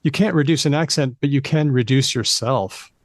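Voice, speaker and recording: A man hosting a podcast interview, jumping in with lively, emphatic remarks. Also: mid-range voice, moderate pace, no room sound, clean studio sound. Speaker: podcast host. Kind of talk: conversational interview.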